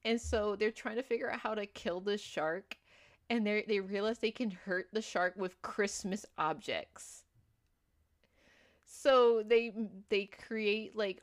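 A young woman co-hosting a podcast, rambling through a movie plot with lots of fillers and quick acted-out quotes. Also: mid-range voice. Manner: rambling storyteller, many fillers, acts out quotes. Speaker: podcast co-host. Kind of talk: casual movie recap chat.

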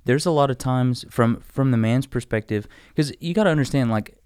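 Smooth-voiced man, reflective podcast co-host. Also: medium pitch, brisk, a little mellow, no room sound, clean studio sound. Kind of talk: casual conversation.

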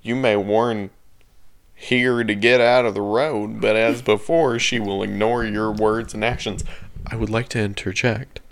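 A man's voice: lowish voice, level tone, measured pace. A man reading a creepy story aloud to friends in a casual chat, often breaking into laughter as he reads. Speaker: story reader among friends.

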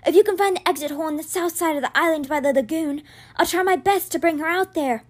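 A woman voicing a boy with a raspy, weakened voice in a storybook reading. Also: very high-pitched, quick pace, pitched above the performer's own voice. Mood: urgent. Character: raspy boy with a weak, recovering voice. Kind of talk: reading a children's novel aloud.

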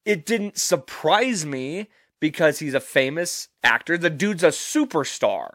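A man's voice: fairly high pitch, unhurried, no echo, studio quality. A man hosting a podcast, ranting casually and swearing freely as he works himself up. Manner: animated, swears freely, talks himself into outrage. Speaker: podcast host.

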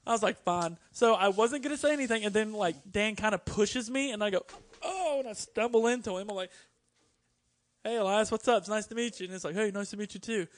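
A man co-hosting a casual podcast, telling an animated story and acting out what people said. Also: sits high, quick pace. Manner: animated storyteller who acts out quotes. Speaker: podcast co-host.

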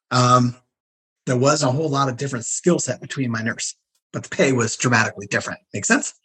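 A middle-aged man, a guest telling stories in a casual interview, animated and acting out the people he quotes. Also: lowish voice, low-quality recording. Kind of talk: casual storytelling.

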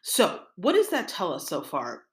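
A woman's voice: fairly low pitch, wildly swooping pitch, unhurried. A woman giving a casual spoken lesson on a Bible passage. She thinks aloud in a conversational way and often checks in with "right?". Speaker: Torah teacher.

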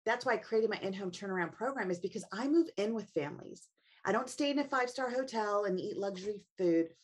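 A woman's voice: medium pitch, expressive, fast talker, husky. A middle-aged woman, a family coach and author, speaking earnestly as an interview guest and asking herself reflective questions. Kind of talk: interview guest, personal storytelling.

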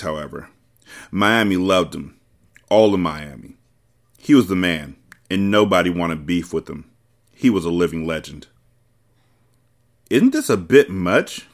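A man hosting a podcast, reading a novel aloud and breaking off for animated, profane asides. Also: low voice, normal speed. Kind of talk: novel reading with casual commentary.

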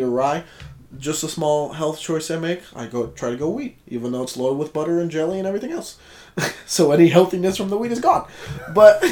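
A man's voice: fairly high pitch, a little mellow. A man co-hosting a casual podcast, talking in a laid-back, joking way. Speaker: podcast co-host. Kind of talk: casual chat.

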